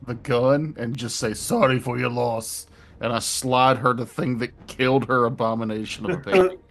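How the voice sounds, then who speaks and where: A man's voice: mid-range voice, moderate pace, a bit bright. A man playing a tabletop game, joking casually with the table. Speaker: player.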